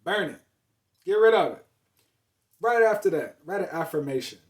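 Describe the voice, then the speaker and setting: A man's voice: high-pitched, lively intonation, normal speed, pauses often. A young adult man hosting a show, delivering an emphatic, repetitive motivational monologue. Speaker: motivational host.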